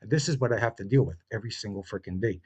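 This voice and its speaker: A man's voice: lowish voice, racing, a little mellow, slightly rough. A man ranting to camera, agitated and rambling, swearing often. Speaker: vlogger appealing for funds. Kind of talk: unscripted rant to camera.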